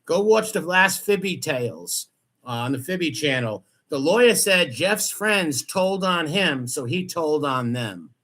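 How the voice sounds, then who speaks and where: Sarcastic man mocking, bright voice. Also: a little high, expressive, unhurried. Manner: sarcastic, scoffing, repeats and mocks the guest. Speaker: podcast host commenting on a replayed interview. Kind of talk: mocking commentary over a clip.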